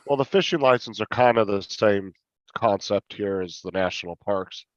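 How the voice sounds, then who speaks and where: A man with a lowish voice hosting a casual live stream chat. His speech is relaxed and easygoing. The mic sounds dry and a bit dull. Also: moderate pace, dry recording. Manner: relaxed, chuckling, swears casually.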